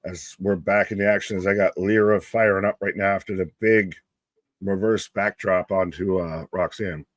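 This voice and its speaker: A man's voice: low voice, fairly even intonation, moderate pace, no room sound. A man co-hosting a live wrestling watch-along, joking around, laughing and swearing freely. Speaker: co-host.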